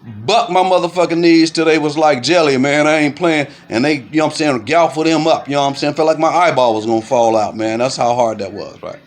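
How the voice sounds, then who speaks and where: Fast-talking man telling a story. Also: fairly high pitch. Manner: animated, profane street talk, keeps saying "you know what I'm saying"; makes punching sounds aloud. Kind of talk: casual storytelling to camera.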